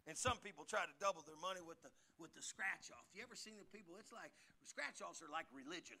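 High, bright-voiced folksy preacher man. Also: quick pace, gravelly, few pauses. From United States. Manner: folksy preaching, rising to emphatic calls for the congregation to repeat. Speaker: pastor. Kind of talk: sermon.

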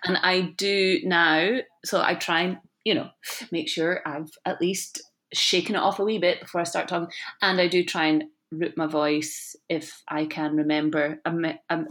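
A woman in her forties with a slight lisp, chatting in an interview, self-deprecating and quick to laugh. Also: fairly low pitch, fairly bright tone. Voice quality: slight lisp, lazy tongue. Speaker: actress, podcast guest. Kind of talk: casual interview chat.

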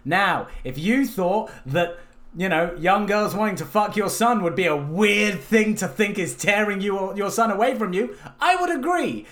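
A man co-hosting a casual film review chat, retelling scenes in an animated way and laughing as he goes. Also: high voice, normal speed. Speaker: podcast co-host.

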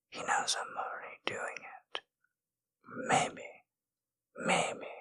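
A man narrating a whispered role-play in a slow, intimate, commanding whisper. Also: bright, forceful tone.

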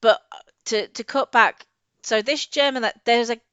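A woman co-hosting a casual book discussion, chatty and quick to laugh, often trailing off and restarting. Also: fairly high pitch, fairly even intonation, a bit bright, clear, resonant tone, no echo. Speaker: podcast co-host. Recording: slightly dull lo-fi audio.

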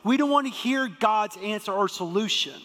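A pastor with a high voice preaches at normal speed, telling stories in a lively, joking way. The long reverb of a church hall rings around his words.

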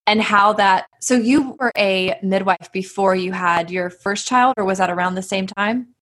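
A woman's voice: mid-range voice, moderate pace. A woman hosting a casual interview, a midwife herself, asking questions with frequent laughs and fillers. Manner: warm questioning, laughs often, trails into fillers. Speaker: podcast host and midwife.

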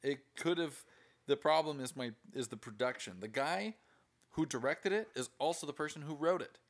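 A man's voice: fairly high pitch, moderate pace. A man in casual conversation, talking bluntly and with a lot of swearing as he picks apart a film. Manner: profane, blunt and critical. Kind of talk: casual movie chat.

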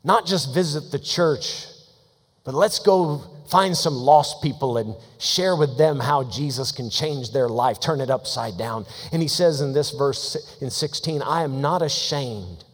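A man preaching a sermon as pastor, emphatic and lively, slowing down to read scripture aloud. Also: medium pitch. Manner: animated, laughing storytelling. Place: church sanctuary. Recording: long church hall reverb.

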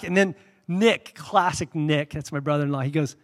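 A man preaching a sermon, telling stories candidly, with sudden loud bursts and quiet, reverent drops. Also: a little high, moderate pace. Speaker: pastor.

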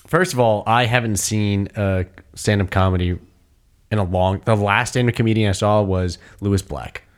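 A man with a lowish voice in loose, casual conversation. He tells stories with energy and slips into playful impressions. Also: normal speed. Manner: animated storyteller, acts out quotes. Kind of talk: casual chat.

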